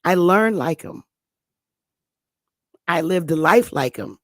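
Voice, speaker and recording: A woman's voice: lowish voice, lively intonation, takes it slowly, dry recording. A woman in her fifties with a Connecticut accent, hosting a talk show and lecturing viewers in an emphatic, repetitive way. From Connecticut, USA. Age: 50s. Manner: emphatic and repetitive, drawing words out. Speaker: show host.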